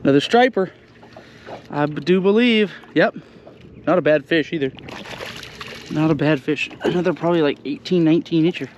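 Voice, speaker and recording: A man giving excited, laughing commentary while fishing on a lake, talking to his viewers. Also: fairly high pitch, moderate pace, pauses often, highs cut off. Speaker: fishing vlogger. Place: outdoors on a boat on a lake. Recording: noisy outdoor boat recording.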